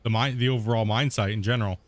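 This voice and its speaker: A man's voice: lowish voice, steady tone, fast, no room sound. A man casually chatting on a live stream while he plays, laid-back and rambling, tagging his sentences with "right?" and "man". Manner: reads out and answers viewer chat. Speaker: gaming streamer.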